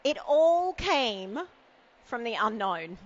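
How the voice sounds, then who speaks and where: A woman's voice: on the high side, very animated, slow, lo-fi sound. A woman giving a conference keynote on stage, playful and self-mocking, teasing the audience. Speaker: keynote speaker. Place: event stage with a podium.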